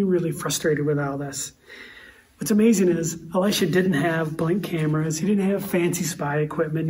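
Conversational preacher, slightly high voice. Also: male voice, a little mellow. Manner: conversational storytelling with rhetorical questions. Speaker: pastor. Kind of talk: sermon. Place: church sanctuary. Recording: voice distant from the mic.

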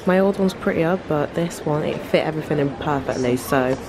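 A young woman vlogging to camera in a chatty, excitable way, full of "like" fillers. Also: low voice, brisk, noisy background. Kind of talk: casual vlog chat to camera.

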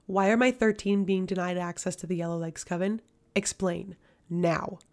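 A woman's voice: mid-range voice, steady tone, moderate pace, creaky, a little mellow, natural voice. A woman reading as a fierce, cold witch leader. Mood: demanding. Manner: demanding, clipped questions.

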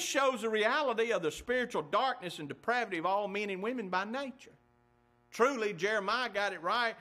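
A man's voice: high-pitched, fairly quick, bright, forceful tone. Man preaching with rhetorical questions. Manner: reads scripture aloud in King James wording. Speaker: pastor. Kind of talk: sermon.

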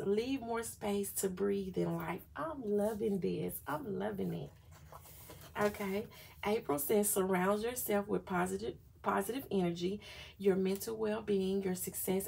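A woman's voice: mid-range voice, takes it slowly, gravelly, darkish tone, a little hiss or hum. A woman vlogger chatting casually through a planner flip-through, gushing and often saying y'all.

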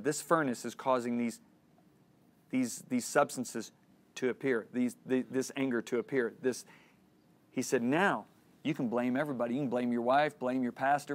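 Earnest middle-aged male Bible teacher. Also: mid-range voice. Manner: earnest storytelling, acts out dialogue. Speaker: Christian teacher. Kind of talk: teaching lesson with personal story.

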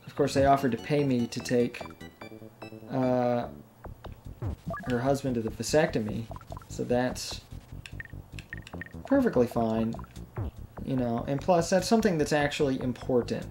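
A man's voice: mid-range voice, unhurried, pauses often, music in the background. A married man, a let's play gamer, rambling and venting about his frustrations while playing, rattled and a bit self-deprecating. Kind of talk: venting commentary while gaming.

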